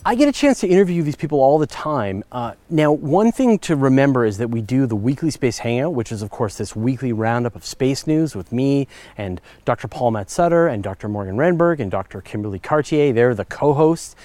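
A middle-aged man talks through listener questions as a podcast host, chatty and eager, often pausing on fillers and correcting himself. His voice sits at an ordinary pitch and is recorded close and dry, with no room sound around it. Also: expressive, dark tone, dry recording. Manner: chatty and enthusiastic, with frequent fillers and self-corrections. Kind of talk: casual explanatory chat.

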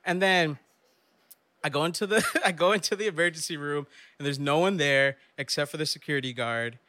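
A young man telling a lively story on stage, laughing often and acting out the voices of the people in it. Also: a little high, fairly quick. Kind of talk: live storytelling.

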